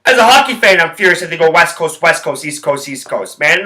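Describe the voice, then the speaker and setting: A man with a high, sharply bright voice, ranting about sports in a heated, rambling way. Curses fly through nearly every sentence as he vents and then moves on to his picks. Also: animated, fairly quick, hardly any pauses, poor audio. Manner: heated, swears constantly, rambling. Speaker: sports handicapping vlogger. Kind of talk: profane ranting commentary.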